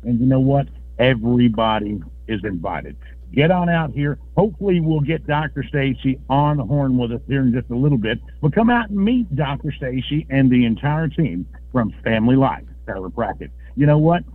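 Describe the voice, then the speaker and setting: A man, a radio host broadcasting live on location, folksy and pitchman-like, a little out of breath. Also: expressive, normal speed, slightly rough, no echo. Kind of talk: live remote radio promo. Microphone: phone line. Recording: tinny phone-line remote feed.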